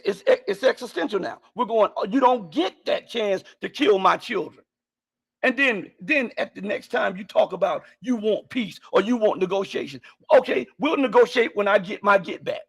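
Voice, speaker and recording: A man with a high-sitting, slightly rough voice delivers impassioned political commentary on a live stream at a moderate pace. He's heated and repetitive, firing off rhetorical questions and often bursting into shouts.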